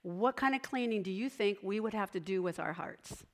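A woman leading a children's sermon, gently asking the children questions and talking to them directly. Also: mid-range voice, lively intonation, moderate pace. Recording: long hall reverb.

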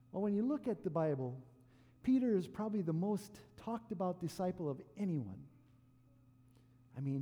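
A male preacher telling a story in a sermon, animated and acting out the quoted lines. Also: high voice, breathy edge, big-room sound. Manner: animated retelling with acted quotes.

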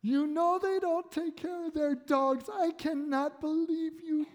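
A man's voice: very high voice, steady tone, measured pace, voice pushed up. A man voicing his upset wife as she scolds him, indignant and incredulous.

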